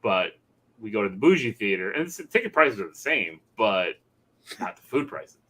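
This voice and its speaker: A man co-hosting a casual podcast, telling animated, profane stories about his kids. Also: on the low side, normal speed, breathy edge. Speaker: podcast co-host. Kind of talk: casual chat.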